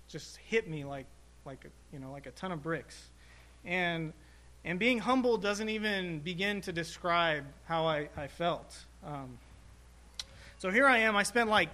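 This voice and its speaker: A man, a chaplain, telling a personal story in a sermon in a halting, reflective way with many restarts. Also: high voice, pushed and bright. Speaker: hospital chaplain preaching.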